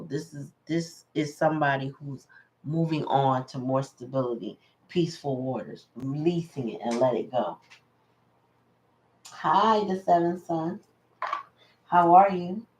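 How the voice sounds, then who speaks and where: A woman's voice: low-pitched, unhurried, darkish tone, a little hiss or hum, poor audio. A woman giving a casual live tarot reading, musing aloud and greeting her viewers. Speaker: tarot reader.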